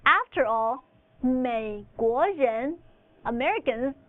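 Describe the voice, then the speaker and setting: Teacher, female, native Chinese speaker, high voice, unhurried and precise, thin phone-like recording. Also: expressive, no room sound. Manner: slow, deliberate, carefully enunciated instruction. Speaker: language teacher. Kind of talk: recorded language lesson. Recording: phone-like narrow audio, dry.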